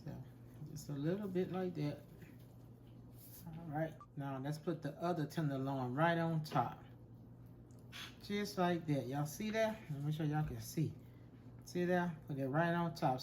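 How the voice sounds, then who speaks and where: A man's voice: on the high side, normal speed, darkish tone, slight background noise. A man hosts a home cooking show, chatting in a folksy way while he works. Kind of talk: casual cooking demonstration.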